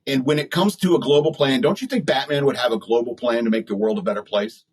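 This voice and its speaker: A man's voice: medium pitch, quick pace, a little hiss or hum, rough recording. A man hosting a podcast, talking in a blunt, rambling, opinionated way and laughing at his own jokes. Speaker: podcast host. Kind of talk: opinionated solo talk.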